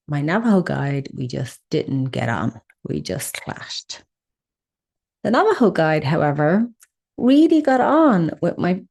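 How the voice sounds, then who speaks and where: A middle-aged woman hosting a podcast, telling a personal story in an expressive, animated way. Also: on the low side. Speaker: podcast host.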